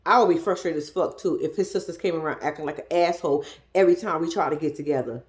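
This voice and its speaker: A woman giving a casual, blunt and profane recap of a reality show, talking in an animated storytelling way. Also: low-pitched, fast talker.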